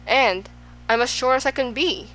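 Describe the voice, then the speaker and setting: Woman voicing a loud, excitable odd man. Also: fairly high pitch, normal speed, a little hiss or hum, pitched above the performer's own voice, rough recording. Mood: boastful. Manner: exclaiming, swinging between moods. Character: excitable, fickle man of all extremes.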